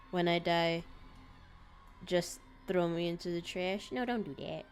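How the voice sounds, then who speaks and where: A woman's voice: on the low side, slow pace, long pauses, soft background music. Woman streamer reading a game aloud. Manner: dramatic reading broken by laughing asides. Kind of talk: reading a visual novel aloud.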